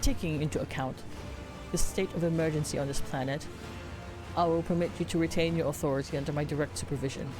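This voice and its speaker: A woman's voice: low voice, fairly even intonation, fast, over music, natural voice. A woman reading as a stern male lawman. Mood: commanding. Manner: formal, commanding pronouncement.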